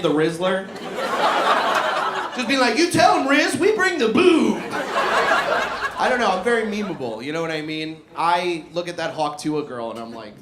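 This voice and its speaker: Man, stand-up comic, higher voice with a lively swinging delivery, profane and self-mocking; live room with echo and crowd noise. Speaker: stand-up comedian. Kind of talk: stand-up set. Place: live comedy show in a barbershop. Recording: echoey room with loud audience.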